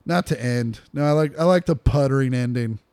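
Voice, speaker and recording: A man's voice: medium pitch, brisk, darkish tone, smooth, dry recording. A man co-hosting a podcast in a casual, joking and crude manner. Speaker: podcast co-host. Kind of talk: casual chat.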